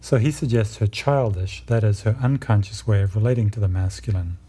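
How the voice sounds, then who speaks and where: Man, lecturer, deep mellow tone, slightly husky, measured explanatory delivery. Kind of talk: lecture on myth and psychology.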